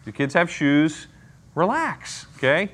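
A man's voice: fairly high pitch, sing-song, slow, a bit bright, full character voice. A man voicing God as an exasperated male figure who scolds his people with rhetorical questions.

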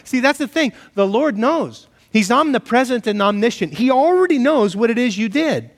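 A male pastor preaching a sermon, telling stories animatedly and acting out shouted exchanges. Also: very high voice, sing-song, moderate pace, big-room sound.

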